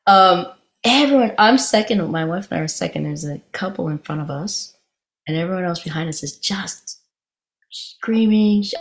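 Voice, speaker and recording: A woman giving an informal meditation talk, telling a story in a halting, conversational way with frequent restarts. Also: lowish voice, lively intonation. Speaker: meditation teacher.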